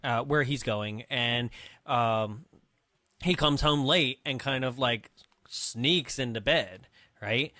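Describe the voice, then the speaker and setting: Bright-voiced laughing male podcast host. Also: medium pitch, dry recording, studio quality. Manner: laughs often, acts out scenes in quick quoted voices. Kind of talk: casual movie-review banter.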